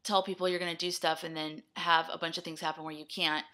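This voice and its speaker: A young woman talking straight to camera in a rambling personal vlog. Her voice is bright and forward, and her speech comes in scattered, self-deprecating bursts. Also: low voice, flat delivery, fast talker. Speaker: vlogger. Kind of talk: rambling personal video blog.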